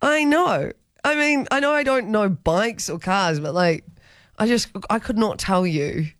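A woman's voice: medium pitch, lively intonation, measured pace, no echo, studio quality. A woman co-hosting a breakfast radio show, chatting casually and animatedly and laughing often. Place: radio studio.

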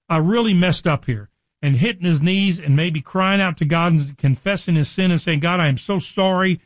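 A man's voice: on the high side, dry recording. Earnest man teaching Bible on radio. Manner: earnest, conversational, acts out voices in quotes.

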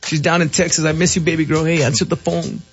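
A man voicing a lovesick young male radio caller who sends a shout-out to his girl in a low, mumbling, drawn-out way. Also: flat delivery, highs cut off, faint music behind, close to an everyday voice.

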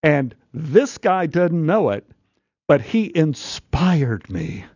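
A male actor guest telling an animated anecdote in a studio interview, stammering, restarting and acting out voices. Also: a little high, takes it slowly, breathy edge, no room sound, highs cut off. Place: radio studio.

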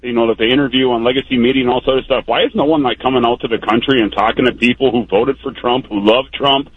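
A man's voice: mid-range voice, fairly even intonation, fast talker, slightly rough, no room sound. A man calling a radio talk show, rambling and getting heated as he makes his point. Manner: rambling, heated, lots of "like" fillers. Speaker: caller. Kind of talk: phone-in call. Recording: muffled phone line.

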